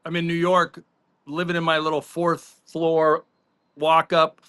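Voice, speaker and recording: A middle-aged man co-hosts a sports podcast with a bright, slightly high voice. He tells long, rambling stories in a relaxed, chatty way. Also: a little slow, smooth. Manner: rambling anecdotal storyteller. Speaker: podcast co-host. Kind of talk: casual podcast chat.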